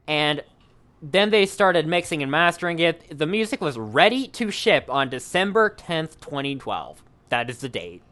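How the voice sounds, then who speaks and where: A man with a smooth, resonant, somewhat high voice tells a long story on a casual podcast. He rambles and restarts often, piling up fillers as he goes. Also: big pitch swings, normal speed, a bit bright.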